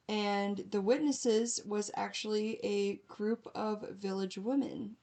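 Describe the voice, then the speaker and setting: A young woman co-hosting a casual podcast, reading out an old story in a slow, deliberate way. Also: mid-range voice, darkish tone. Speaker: podcast co-host.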